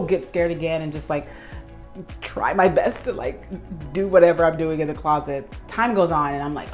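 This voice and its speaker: Low-voiced woman telling a storytime. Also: a little fast, faint music behind. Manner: animated storytelling, acts out her own past reactions. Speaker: professional organizer. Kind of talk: storytime vlog while organizing.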